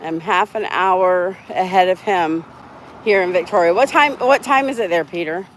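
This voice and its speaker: A woman's voice: fairly low pitch, normal speed, slight background noise. Chatty woman hosting a livestream. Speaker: livestream host. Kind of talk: casual livestream chat reading viewer comments.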